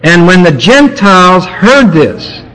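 A male preacher giving an expository sermon, teaching word by word with emphatic pauses. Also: high-pitched, big pitch swings, a bit bright, low-quality recording. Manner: teacherly, explaining grammar point by point with emphatic pauses.

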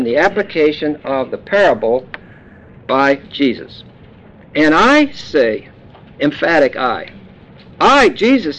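A man preaching a sermon, explaining words in a folksy, joking teaching manner. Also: fairly high pitch. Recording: dull lo-fi sound.

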